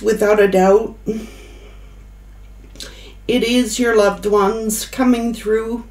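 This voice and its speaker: Emotional woman doing a slow tarot reading. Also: on the high side, steady tone, a little mellow, reverberant, poor audio. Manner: emotional, choked up, pausing. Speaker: tarot reader.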